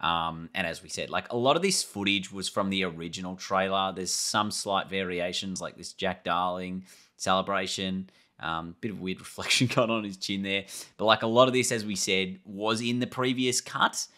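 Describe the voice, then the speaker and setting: A man with a low voice that still comes across bright and forceful. He talks casually through a trailer breakdown. He rambles and thinks aloud as he goes, like a gaming YouTuber. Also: moderate pace.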